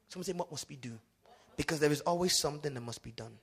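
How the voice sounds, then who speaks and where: Preaching quickly in a husky, slightly high male voice, this Yoruba-speaking pastor keeps urging his congregation to respond. His sermon swings between loud exclamations and quiet asides.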